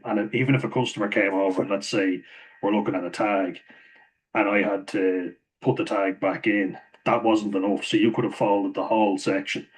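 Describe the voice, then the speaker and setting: A man's voice: sits low, rough recording. A man telling a casual story about his past work, rambling with frequent chuckles and fillers. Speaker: vlogger.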